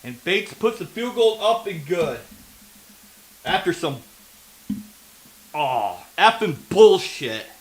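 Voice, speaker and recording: A football fan reacting live to a game, ranting angrily and swearing at the referees. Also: male voice, high-pitched, sing-song, slow, pauses often, poor audio. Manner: angry ranting, heavy swearing; heckles the referees.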